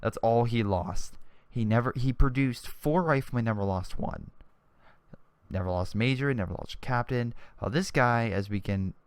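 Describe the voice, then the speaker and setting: A man's voice: mid-range voice, moderate pace, clean tone, no echo. Chatty young male game commentator. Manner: chatty, exclamatory, often restarts mid-sentence. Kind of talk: casual strategy game commentary.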